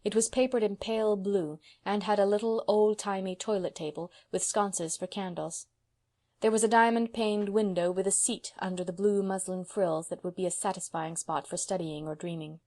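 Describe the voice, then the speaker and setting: Lady reading an old novel audiobook, soft even narration, mid pitch. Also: moderate pace.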